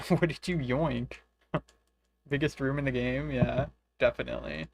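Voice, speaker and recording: Gravelly streamer guy, swearing and laughing. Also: medium pitch, steady tone, measured pace, slight background noise. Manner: swears casually, laughs often, reads game dialogue aloud. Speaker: streamer playing a retro online game. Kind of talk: casual gameplay commentary.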